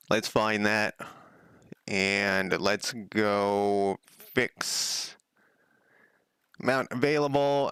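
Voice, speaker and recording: A man's voice: on the low side, vocal fry, a bit bright, clean tone, no echo, clean studio sound. A man streaming himself working on a game at home, thinking aloud in a casual, rambling way and often correcting himself. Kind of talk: casual live-coding commentary.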